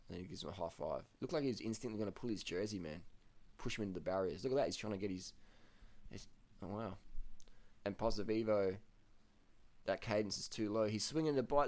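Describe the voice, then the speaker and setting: Man, lowish voice, casual race commentary, blunt, excitable, swears, repeats himself. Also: a little fast. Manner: gets loud and high when worked up. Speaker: cycling vlogger commenting on race footage.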